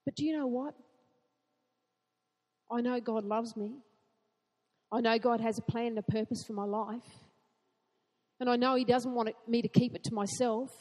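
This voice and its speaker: Woman preacher, high voice, earnest rhetorical questions, echo from a big hall. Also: normal speed, pauses often. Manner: earnest, rhetorical questions, builds to excited emphasis. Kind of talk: sermon.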